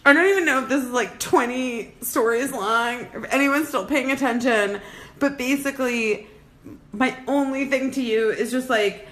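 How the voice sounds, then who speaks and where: Woman in her 30s for a rambling phone-story vlog; high, bright, breathless and giddy. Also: normal speed. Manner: excitable, breathless storytelling with shrieks and laughter. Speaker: vlogger.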